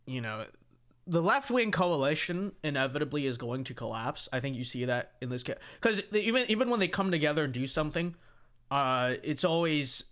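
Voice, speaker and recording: A man reacting live to a debate clip, his pitch swinging high and low as he talks. He sounds bright and lively while he reads out viewer donations. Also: brisk. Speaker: commentator reacting to a debate video. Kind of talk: livestream reaction commentary.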